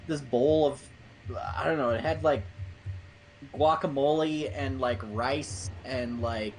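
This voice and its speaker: A man's voice: medium pitch, slow, crowd noise, low-quality recording. A man chatting casually with friends on a game stream, telling loose, jokey stories. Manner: jokey, animated storytelling. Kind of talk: casual chat.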